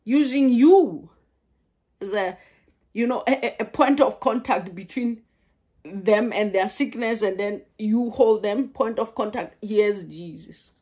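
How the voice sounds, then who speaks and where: A woman preaching a sermon, halting and repeating words as she goes. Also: medium pitch, warm tone, slightly rough.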